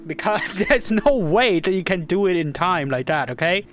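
Excitable woman narrating gameplay, lively pitch. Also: normal speed, soft background music. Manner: excitable, yelling at game characters, frequent laughter. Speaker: gaming YouTuber. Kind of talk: casual gameplay commentary.

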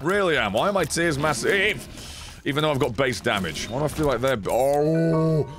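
A man streaming a game, chatting casually and swearing as he thanks viewers, his throat hoarse and strained. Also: mid-range voice, lively intonation, fairly quick, over music. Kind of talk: casual live-stream chat while gaming.

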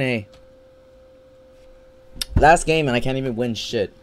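A man's voice: mid-range voice, normal speed, long pauses, a little mellow. A man giving live gameplay commentary, swearing constantly and swinging between panicked yelps and frustrated grumbling. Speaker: gaming channel host.

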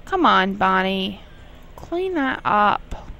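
A woman's voice: mid-range voice, very animated, takes it slowly, bright, forceful tone, dull audio. A young woman casually commenting on her life-sim game, chatting to herself and scolding her characters in exasperated asides. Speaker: gameplay commentator. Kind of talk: casual let's play commentary.

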